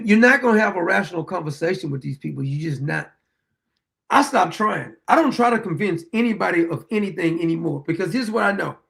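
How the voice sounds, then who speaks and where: A man with a high, gravelly voice hosts his own opinion show. He talks in a blunt, combative monologue, firing rhetorical questions at his listeners and letting out dry chuckles between points. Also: a bit bright. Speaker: show host.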